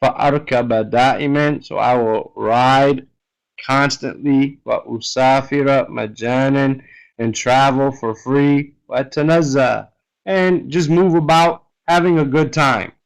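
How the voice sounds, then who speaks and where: A man's voice: mid-range voice, unhurried, creaky, low-quality recording. A man teaching an online language class, explaining a reading text word by word in a patient way and often checking with "right?". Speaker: Arabic teacher. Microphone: computer mic on an online class.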